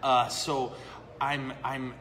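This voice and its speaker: A man's voice: medium pitch, level tone, very slow, pushed and bright. A man, a priest, chatting casually and answering questions live, self-deprecating and laughing often. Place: brewery. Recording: echoey room with long reverb.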